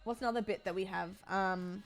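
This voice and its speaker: A woman's voice: mid-range voice, steady tone, fairly quick, faint music behind. A woman streamer chatting casually while she plays, rambling and frank, swearing freely with lots of fillers. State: sore body.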